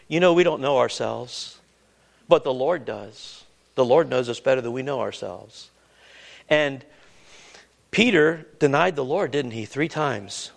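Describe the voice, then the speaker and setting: A man's voice: medium pitch, animated, unhurried, gravelly. A man preaching a sermon, earnest and conversational, often restarting his words and asking the congregation questions.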